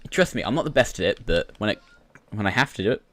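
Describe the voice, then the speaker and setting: A man's voice: fairly low pitch, sing-song, fast, no echo. A British man who is a YouTuber, rambling through casual gaming commentary full of fillers and restarts.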